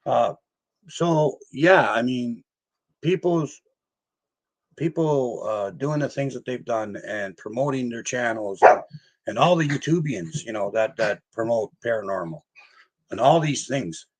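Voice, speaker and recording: An older man with a husky, slightly breathy voice tells stories in a loose, rambling way. He laughs easily and acts out the voices of people in his story. His pitch sits in an ordinary middle range. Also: lively intonation, measured pace. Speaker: guest paranormal investigator. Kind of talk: casual storytelling interview.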